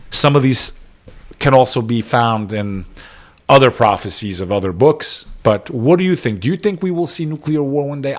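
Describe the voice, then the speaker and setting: Brief: New guy, late 30s, solo podcast host, swears a lot, sarcastic rants between headline reads, mid-range voice. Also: medium pitch. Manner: profane, sarcastic ranting, reading headlines aloud. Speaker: podcast host reacting to news. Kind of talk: ranting news reaction podcast.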